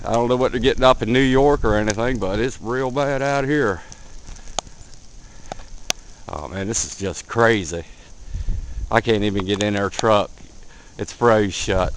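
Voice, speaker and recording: A man filming outdoors in a blizzard on a handheld camera, giving excited casual commentary, cold and a bit out of breath. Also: lowish voice, slight background noise, rough recording. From Delaware, USA. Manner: excited, repeats himself, calls viewer man. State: out of breath, face numb from cold. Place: outdoors in a blizzard, wind and snow. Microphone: handheld camera mic.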